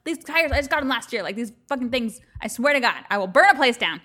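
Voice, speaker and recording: A woman's voice: a little high, animated, fast talker, sharp tone. A woman co-hosting a casual chat podcast, telling stories with lots of swearing and frequent laughter. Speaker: podcast co-host.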